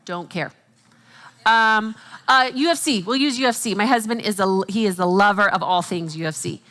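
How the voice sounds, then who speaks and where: A woman speaking at a Christian conference, teaching with animated asides and jokes for the audience. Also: mid-range voice, normal speed. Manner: animated, quotes herself and others in acted voices.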